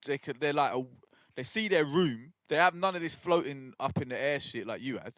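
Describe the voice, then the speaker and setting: A man, a podcast co-host in casual chat who chimes in with lots of quick yeahs. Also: mid-range voice, animated, fairly bright tone, dry recording.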